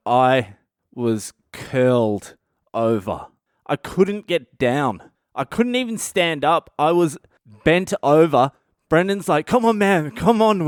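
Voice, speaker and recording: A man's voice: a little high, no room sound, studio quality. Profane Australian man telling stories. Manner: profane, animated, breaks into laughter. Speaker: comedian podcast host. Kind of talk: comic personal storytelling.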